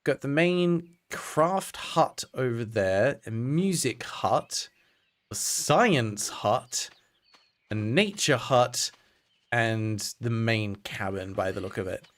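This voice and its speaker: A man's voice: medium pitch, slow pace. A male streamer giving dry, sarcastic commentary while playing a game.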